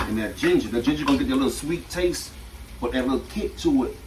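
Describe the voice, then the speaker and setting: A man chats loosely through a home cooking session, circling back over his words as he goes. He sits at a middling pitch and is picked up from a distance, with frying food sizzling loudly behind him. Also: quick pace, echoey room, noisy background. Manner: chatty and relaxed, repeats himself often. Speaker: home cook and channel host. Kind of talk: casual cooking demonstration. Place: home kitchen at the stove. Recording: distant mic with loud sizzling from the pan.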